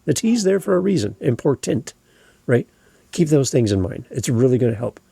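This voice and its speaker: Gravelly-voiced man giving podcast tips. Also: medium pitch, big pitch swings, brisk, mellow. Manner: earnest, encouraging, emphatic on word endings. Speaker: podcast host. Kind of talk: podcast coaching monologue.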